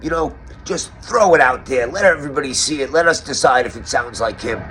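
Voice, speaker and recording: A man's voice: mid-range voice, fairly quick, background noise. A man with a New York accent hosting a mock interview roast, asking questions in a sarcastic, mock-serious way. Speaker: roast host.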